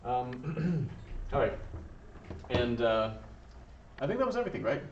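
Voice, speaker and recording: A man's voice: mid-range voice, very animated, unhurried, noisy background. Patient male teacher, echoey room. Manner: patient, encouraging, frequent ums and uhs. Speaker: Spanish teacher. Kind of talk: classroom lesson, calling on students. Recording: distant, echoey, dull room recording.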